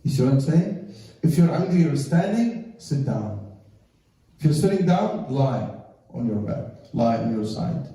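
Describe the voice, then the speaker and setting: A man's voice: mid-range voice, a little slow. A man from Egypt, a native Arabic speaker, giving a religious lecture to an audience and acting out the voices of people in his stories. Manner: animated storytelling, acting out quoted voices. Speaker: Islamic lecturer. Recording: echoey hall, mic from far off.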